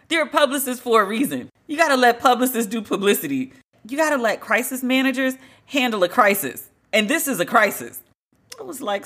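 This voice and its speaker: A woman's voice: on the high side, expressive, a little fast, bright, forceful tone. A woman podcast host giving casual, blunt commentary on celebrity news, swearing and joking wryly as she reads. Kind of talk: casual pop culture commentary.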